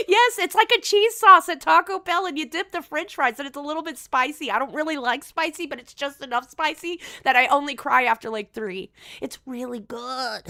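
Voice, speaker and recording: Bright, breathless, high-voiced woman host. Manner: rapid, playful, giggly. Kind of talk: comedic livestream chat.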